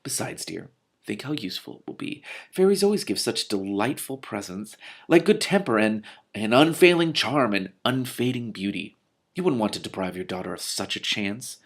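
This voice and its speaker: A man's voice: on the low side, animated, normal speed. A man voicing an exasperated, proper queen in a storybook reading, snapping at her husband.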